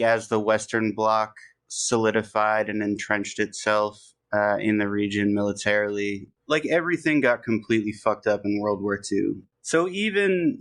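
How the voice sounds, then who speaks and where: A man's voice: lowish voice, a bit bright, distant mic. A man in casual conversation, explaining history in long, winding sentences. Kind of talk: casual political chat.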